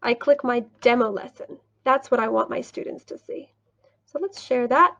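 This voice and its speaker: A woman teaching English online, walking through screen sharing and acting out a mock class, patient and unhurried, laughing lightly now and then. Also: on the high side, creaky, fairly bright tone, highs cut off.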